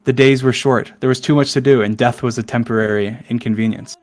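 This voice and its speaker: A man's voice: medium pitch, fairly even intonation, brisk. A man reading a long poem aloud in a hurry, tripping over words and breaking off with asides. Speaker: online content creator.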